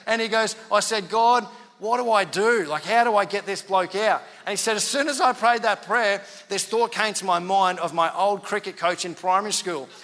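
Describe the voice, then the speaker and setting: A man's voice: high-pitched, in a large hall. A male pastor, telling a story in a conversational sermon and acting out the dialogue. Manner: animated, conversational, acts out quoted dialogue.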